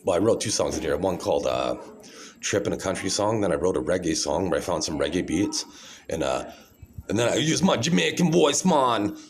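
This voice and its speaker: A man's voice: low-pitched, fairly quick, a little mellow. A man in his forties talking alone to a phone camera in a rambling monologue, often tagging his points with "right?".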